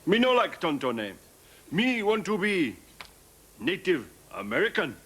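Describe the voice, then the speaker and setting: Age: adult. Figure: a preachy politically correct Native American sidekick. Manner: clipped pidgin English. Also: male voice, high voice, huge pitch swings, unhurried, fairly bright tone, a little hiss or hum, exaggerated voice. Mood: earnest. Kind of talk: sketch comedy acting.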